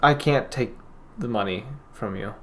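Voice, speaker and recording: A man voicing an older grieving female cat-folk shopkeeper in a tabletop game, speaking quietly and hesitantly. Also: lowish voice, a little slow, background noise, lightly acted. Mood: sorrowful, subdued.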